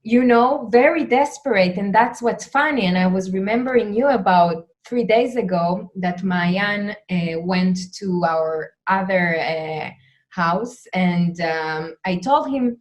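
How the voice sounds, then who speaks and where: A woman with an Israeli accent interviewing, telling stories in a lively way with acted-out screams and laughter. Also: medium pitch, slow. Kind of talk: conversational interview.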